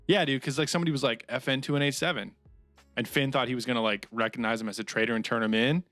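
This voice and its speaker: A man's voice: medium pitch, steady tone, quick pace, fairly bright tone, no room sound, faint music behind. A man co-hosting a casual comedy podcast, giving blunt opinions and swearing casually as he reads out chat questions. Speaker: podcast co-host.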